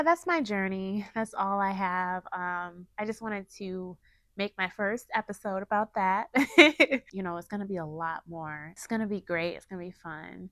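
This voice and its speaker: A woman's voice: mid-range voice, a bit bright, no echo. A woman giving a heartfelt, chatty personal testimony about faith and family to her viewers. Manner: earnest, heartfelt, chatty with many fillers. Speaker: faith vlogger sharing a testimony. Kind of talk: casual personal testimony to camera.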